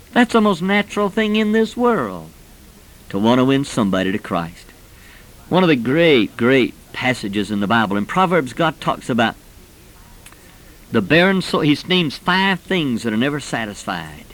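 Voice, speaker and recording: A man's voice: medium pitch, fairly bright tone, rough recording. A man in his forties preaching a sermon, fervent and rising to emphatic peaks as he tells personal stories. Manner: personal storytelling.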